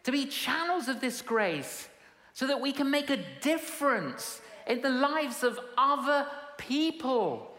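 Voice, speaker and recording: A woman's voice: high voice, expressive, measured pace, fairly bright tone. Emphatic woman preacher in echoey hall. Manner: emphatic, humorous, with repetition and punchlines. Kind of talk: sermon. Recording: echoey hall with long reverb.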